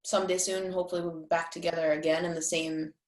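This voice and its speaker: A woman hosting a podcast in casual chat, easygoing and quick to laugh. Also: on the low side, flat delivery. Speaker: podcast host. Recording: echoey room.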